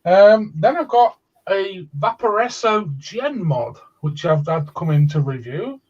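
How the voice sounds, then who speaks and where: Male host, slightly high voice, chatty gear talk, dull lo-fi line. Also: expressive, measured pace, darkish tone. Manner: chatty, moves things along. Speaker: show host and reviewer. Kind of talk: casual banter. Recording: dull lo-fi sound.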